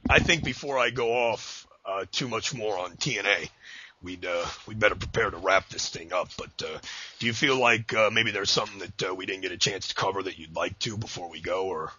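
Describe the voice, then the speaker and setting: Podcast host, man, deep and husky voice, ranting and jokey, lo-fi recording. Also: fairly quick, pushed and bright. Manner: ranting, jokey, slips into a high announcer voice for quotes. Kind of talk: casual interview chat. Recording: dull lo-fi audio.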